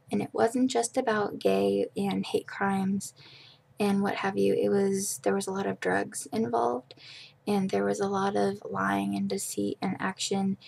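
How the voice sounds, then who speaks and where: A young woman reviews a book she loved, gushing with enthusiasm and padding her sentences with fillers. Her voice has a gravelly, creaky edge and stays fairly flat in pitch, with a faint hiss of noise under it. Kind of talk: casual book review vlog.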